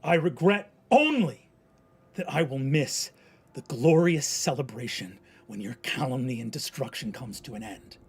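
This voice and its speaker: A man voicing a condemned young man facing the gallows, who swings between hushed whispers and loud, desperate outbursts. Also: fairly low pitch, slow, long pauses, slightly rough, heavily acted. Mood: defiant.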